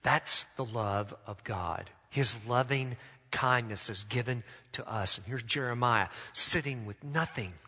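A man preaching a sermon, drawing out phrases and letting his sentence endings fall soft. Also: mid-range voice, unhurried, husky, big-room sound. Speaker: pastor.

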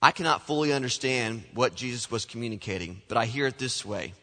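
A man preaching a sermon as pastor, animated, acting out the voices he quotes. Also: medium pitch, fairly quick, hardly any pauses. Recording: long hall reverb.

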